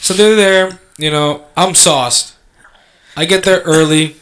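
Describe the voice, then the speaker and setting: A man telling a long story in casual chat, animated and profane, acting out the lines he quotes. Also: on the high side, slow pace. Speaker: podcast co-host telling a story.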